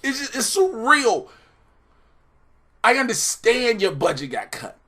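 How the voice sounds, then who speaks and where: A young man hosting a TV review show, ranting in a profane, animated way. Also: very high voice, measured pace. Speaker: host.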